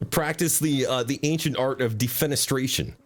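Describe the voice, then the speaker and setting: A man streaming a video game, joking, swearing and talking to his chat with sudden jumps in pitch. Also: normal speed. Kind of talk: casual gaming commentary. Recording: faint background game music.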